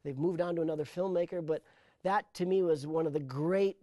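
Animated middle-aged man, dry sound. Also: a little high, fairly quick, dry recording. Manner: animated storyteller, repeats words when starting thoughts. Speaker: sound designer. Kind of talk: interview conversation.

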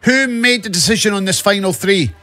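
Boastful Scottish co-host, high bright voice, animated, playful banter. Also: male voice, fairly quick, faint music behind. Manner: boastful, mock-indignant, rambling stories. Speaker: football podcast co-host. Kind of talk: casual studio banter.

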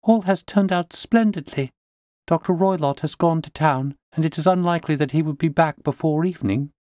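A man's voice: fairly high pitch, moderate pace, a little mellow, no room sound, studio quality, pitched above the performer's own voice, lightly acted. A man voicing an anxious, eager young woman who fears her stepfather. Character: frightened young woman client.

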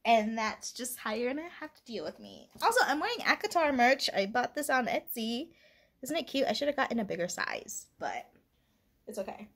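A woman's voice: a little high, very animated, normal speed, a bit bright. A young woman vlogging about books she is reading, gushing and laughing often and sometimes reading passages aloud. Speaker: book vlogger. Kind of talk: casual reading vlog.

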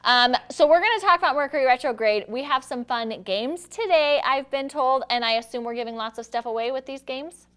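A woman's voice: high-pitched, a little fast, few pauses, a bit bright, clear, resonant tone. A woman hosting a casual live stream, chatty and self-deprecating, laughing often between lines. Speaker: live show host.

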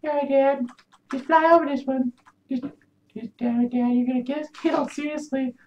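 A man's voice: steady tone, normal speed, darkish tone, lo-fi sound. A man putting on the voice of a young son who whines and yelps at his dad while they play a game. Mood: nagging. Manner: shrill, yelping, bratty.

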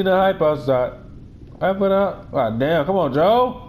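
A young man hosts a let's-play with brash, profane, slang-heavy banter. His voice sits a touch higher than most men's. A faint hiss runs underneath. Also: animated, unhurried, darkish tone. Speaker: gaming host.

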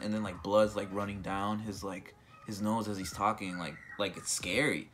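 A man's voice: fairly low pitch, steady tone, moderate pace, a bit bright, slight background noise. A young man telling a casual storytime vlog, rambling with many fillers and restarts. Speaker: vlogger.

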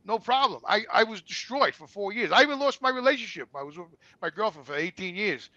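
A man's voice: sits high, lively intonation, fast, bright, forceful tone, dry recording, lo-fi sound. A man telling personal stories in a rambling, candid way, repeating words and swearing freely. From New York. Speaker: guest. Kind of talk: candid conversational storytelling.

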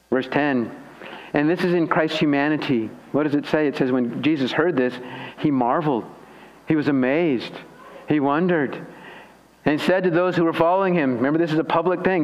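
A male pastor preaching an expository sermon, swinging between raised emphasis and hushed, pleading tones. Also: a little fast, dull audio. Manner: expository preaching with dramatized quotes, pitch swinging high and low. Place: church sanctuary.

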